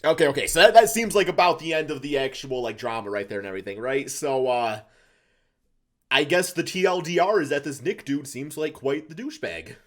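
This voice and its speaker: A man's voice: on the high side, lively intonation, brisk. Young man casually reacting on camera. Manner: casual, blunt, slangy, thinks aloud. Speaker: reaction video host.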